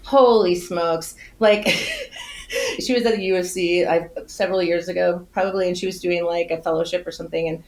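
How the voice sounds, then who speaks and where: A woman's voice: on the low side, normal speed. A middle-aged woman guest on a casual podcast interview, telling stories with lots of laughter, exclamations and quoted voices. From United States. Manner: animated storyteller, laughs often, breaks into exclamations and quoted voices.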